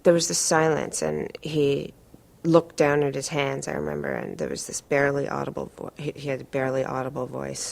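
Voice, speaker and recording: A woman's voice: very deep voice, brisk, vocal fry. A woman speaking to camera, animatedly retelling a personal story and speeding up as it heats up. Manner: animated, speeds up and rises sharply when retelling conflict. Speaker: interviewee.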